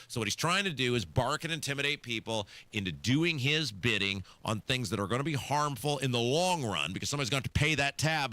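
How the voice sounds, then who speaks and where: A blunt, sarcastic man rants on talk radio. His voice is bright and forward. The studio mic sounds close and dry, with no room around it. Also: mid-range voice, dry recording. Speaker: radio talk show co-host. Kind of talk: opinionated talk radio commentary. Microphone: studio microphone.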